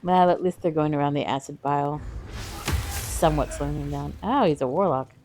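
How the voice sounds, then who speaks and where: Low-voiced woman chatting over gameplay. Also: brisk, darkish tone, soft background music. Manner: chatty, reacting to the game as she plays. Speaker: let's play co-host. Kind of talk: casual gameplay chat.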